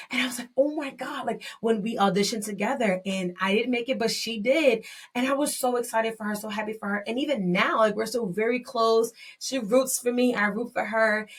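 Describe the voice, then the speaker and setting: In her personal podcast monologue, a young adult host with a mid-range voice opens up with candid, emotional reflection. Her sentences frequently start over, and she bursts into moments of excitement.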